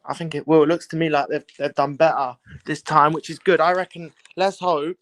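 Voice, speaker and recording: A man's voice: fairly high pitch, level tone, a little fast, fairly bright tone, no room sound. A young man hosting a live football watchalong, chatting casually, repeating himself and greeting viewers. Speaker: livestream watchalong host. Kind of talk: casual live commentary chat.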